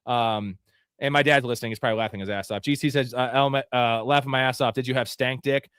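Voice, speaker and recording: Young male co-host, bright tense voice, crude rambling chat, dry close sound. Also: medium pitch, fairly even intonation, fast talker, smooth, dry recording. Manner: crude, rambling storyteller with many fillers. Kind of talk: casual live-stream chat.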